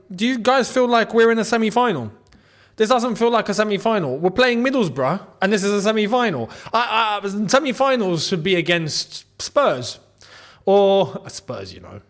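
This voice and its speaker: Young guy hosting a footy watchalong, high voice that jumps all over, laughs a lot, chats to the viewers. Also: fairly bright tone. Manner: chatty, laughs often, talks to the chat. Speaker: football channel host. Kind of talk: live watchalong commentary.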